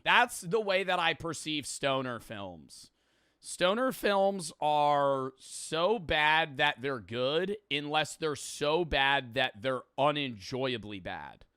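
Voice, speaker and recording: A young man riffs through casual reaction commentary, laughing and cursing as he goes. His voice is bright and crisp. The sound is dry and close, with no room around it. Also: medium pitch, no room sound. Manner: laughing, rambling, swears casually. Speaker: streamer reacting to videos.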